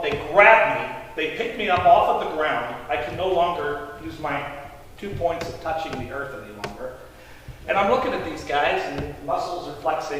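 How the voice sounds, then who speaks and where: Pastor as the young man born blind: an animated, high-voiced storyteller; distant, boomy hall sound. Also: slight background noise. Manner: animated, laughing storyteller addressing the congregation. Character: young man healed of blindness, amazed and amused. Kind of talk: first-person dramatic monologue.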